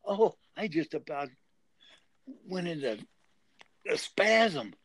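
A man's voice: a little high, big pitch swings, takes it slowly, fairly bright tone, no echo. A man in his sixties earnestly telling a personal survival story as an interview guest. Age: 60s. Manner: earnest, emotional retelling.

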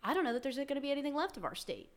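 A woman's voice: sits high, huge pitch swings, very fast. A young woman from West Virginia in casual political chat, blunt and profane, ranting with heat. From West Virginia, USA.

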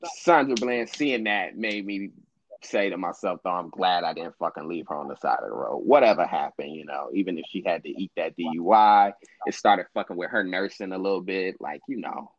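A man's voice: low voice, moderate pace, no room sound, highs cut off. A man telling a long story in casual chat, swearing freely and acting out what people said. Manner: profane, animated storyteller acting out quotes.

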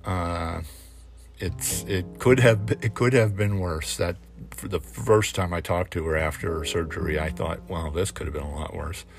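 A man speaking in a personal reflective monologue, halting and hesitant with many fillers, candid and casually swearing. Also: sits low, steady tone, faint music behind.

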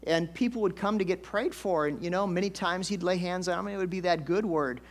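A man's voice: high voice, fairly quick. Older male pastor preaching folksy stories. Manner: conversational, folksy, emphatic swells. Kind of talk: storytelling sermon.

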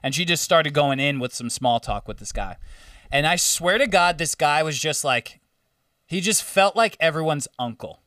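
A man's voice: a little high, lively intonation, normal speed, pushed and bright, no echo, distant mic. A young man chatting casually as a co-host, rambling through a story with loose, profane asides. The sound is dry with little room, and he sits a bit back from the mic. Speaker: podcast co-host. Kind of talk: casual chat.

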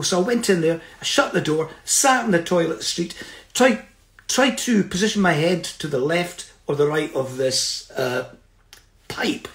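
A middle-aged man with a high voice tells a personal story in an earnest, reflective manner. He checks in with his listeners now and then. The recording has a roomy echo around him. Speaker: speaker.

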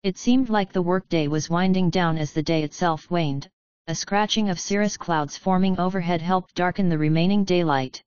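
A woman narrating a fan story as an audiobook in an even, measured way, on a slightly dull recording. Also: on the low side, clean tone, dry recording.

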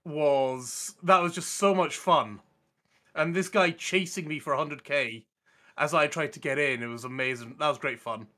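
A man rambles through an excited gaming anecdote, restarting sentences as he goes. His voice sits fairly high and sounds bright and forceful. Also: normal speed. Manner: rambling, enthusiastic storytelling with many restarts. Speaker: podcast co-host. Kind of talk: casual gaming chat.

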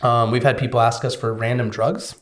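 A man's voice: medium pitch, a little fast. A man, a bakery owner, chatting casually on a podcast and acting out the people in his stories. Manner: animated storyteller, acts out quoted people. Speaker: guest, bakery and edible business owner.

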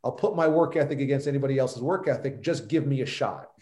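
A man speaks as a podcast guest. He tells his story with emphatic self-assurance at an ordinary pitch. The sound carries a noticeable roomy echo. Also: fast, warm tone. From New York. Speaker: guest, sports radio host. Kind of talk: podcast interview.

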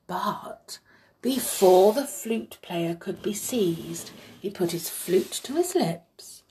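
Woman reading a kids story real slow, lowish voice, gets hushed and breathy. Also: slight background noise. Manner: expressive, hushed and breathy at times. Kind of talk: reading a children's story aloud.

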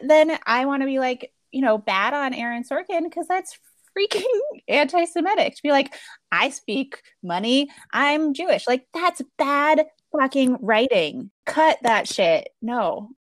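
A woman's voice: high voice, measured pace, dry recording, studio quality. A woman in a casual film discussion, speaking bluntly and critically, sometimes swearing.

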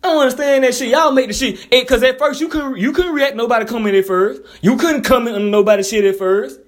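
A man's voice: extremely high pitch, quick pace. A man delivering a blunt, profane, heated casual monologue as a commentator.

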